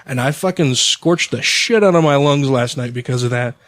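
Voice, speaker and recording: A man's voice: mid-range voice, normal speed, a bit bright, dry recording. A man co-hosting a podcast, telling a long story in casual, profane chat. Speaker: podcast co-host.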